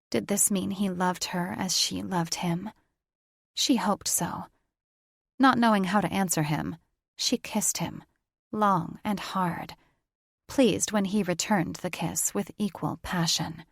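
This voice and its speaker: A woman narrating a romance audiobook with steady, intimate storytelling. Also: mid-range voice, gravelly, breathy edge, no room sound, clean studio sound.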